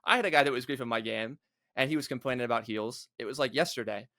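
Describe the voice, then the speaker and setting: A man's voice: medium pitch, fast, bright, forceful tone, dry recording, clean studio sound. A young man, a guest on a gaming podcast, talking bluntly and casually with lots of filler words. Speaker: guest, competitive gamer.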